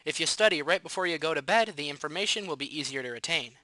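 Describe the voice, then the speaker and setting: A man's voice: fairly high pitch, expressive, fast talker, bright, forceful tone, no room sound. A teenage boy presenting a scripted segment on a school news show in an upbeat way. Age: teens.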